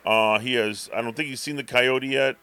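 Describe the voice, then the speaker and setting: A man's voice: medium pitch, fairly even intonation, moderate pace, sharp tone, smooth. A man co-hosting a podcast, telling a rambling story in casual chat and acting out his cat's thoughts. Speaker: podcast co-host.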